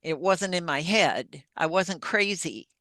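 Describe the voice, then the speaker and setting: A woman's voice: fairly low pitch, takes it slowly, a bit bright, dry recording. An older woman, a podcast guest, earnestly recounting a personal story in vivid detail. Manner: earnest, vivid retelling with acted-out dialogue.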